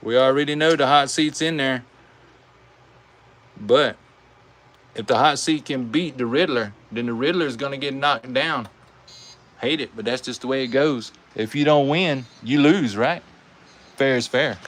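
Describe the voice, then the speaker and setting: A man with a Southern American accent hosts a live stream and calls toy car races in a folksy, animated way, chatting with his viewers. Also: medium pitch, a little slow, long pauses. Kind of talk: live race commentary.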